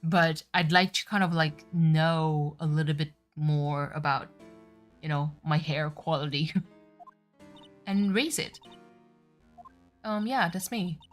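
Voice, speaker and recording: Low-voiced rambling woman streamer. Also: slow, pauses often, soft background music. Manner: rambling, filler-heavy. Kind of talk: casual chat on a game stream.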